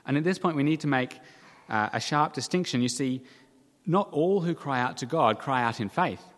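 A man preaching a sermon in an earnest, measured way, with dramatic quoted cries now and then. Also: mid-range voice, lively intonation, big-room sound. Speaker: pastor.

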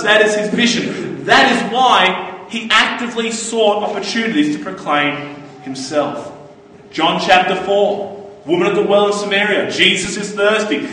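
A high-pitched man preaching with earnest, storytelling energy. His voice comes from well back in a big, echoey hall with long reverb. Faint room noise sits underneath. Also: fairly bright tone, recorded from a distance. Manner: earnest, anecdotal, quotes others in brief voices. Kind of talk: sermon.

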